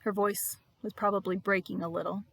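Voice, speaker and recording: A woman reading her devotional blog aloud in a reflective, expressive way, with emphatic repetition. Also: mid-range voice, a little fast, creaky.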